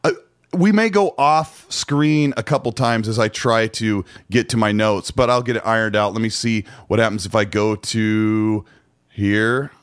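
A man's voice: on the low side, a little slow, clear, resonant tone. A man hosting a podcast in casual chat, laid-back and rambling, with plenty of filler words. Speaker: podcast host.

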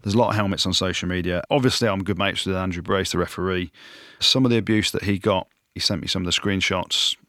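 Low-voiced man, animated podcast banter. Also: fast talker, hardly any pauses, no room sound, studio quality. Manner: animated, jokey, punchy verdicts. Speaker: rugby podcast co-host. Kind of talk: casual sports banter.

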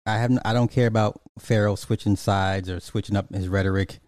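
A man's voice: fairly low pitch, fairly even intonation, a little fast, a little mellow, no room sound. A man giving casual reaction commentary on a clip, emphatic and repetitive, with lots of fillers and restarts. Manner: emphatic, repeats points, many fillers and restarts.

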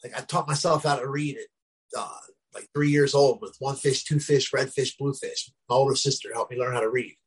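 Husky New man, middle-aged guest, rambling storyteller, medium pitch. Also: steady tone, normal speed, rough recording. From New Jersey, US. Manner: rambling, frequent "you know what I mean" fillers. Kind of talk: casual storytelling.

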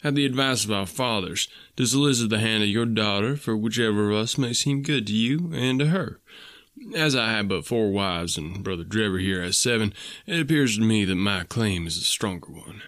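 A man's voice: on the low side, lively intonation, normal speed, fairly bright tone, no echo, clean studio sound. A man voicing a pompous, self-righteous young male suitor who talks in a smug, boastful way.

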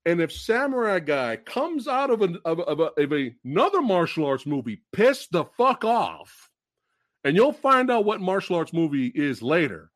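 A man hosting a film podcast who rants with big, emphatic energy and breaks into shouts. His pitch leaps all over the place. The recording sounds dry and close. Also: moderate pace, dry recording. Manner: loud profane ranting, bursts of shouting; animated, emphatic delivery. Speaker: podcast host. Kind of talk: movie review podcast chat.

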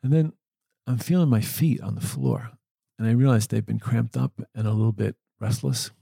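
A man with a low, gravelly, husky voice recounts his caregiving work in a gentle, earnest manner. The sound is dark and dry, close to the mic. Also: animated, normal speed, no room sound. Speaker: end-of-life caregiver. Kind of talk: reflective storytelling.

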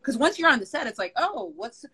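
A woman's voice: high voice, animated, rapid-fire, pushed and bright, rough recording. Woman, young adult, casual storyteller, rambling, swears freely, filler-heavy. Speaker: podcast co-host.

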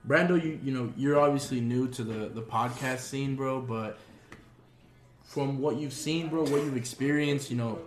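A man's voice: mid-range voice, normal speed, faint music behind. Laid-back man hosting, in a roomy echo. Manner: laid-back, says "bro" constantly. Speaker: podcast host. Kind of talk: casual chat.

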